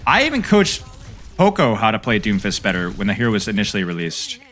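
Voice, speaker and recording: A man's voice: lowish voice, very animated, fast, fairly bright tone. A young man coaching a player through game footage, trading playful banter with his stream chat between tips.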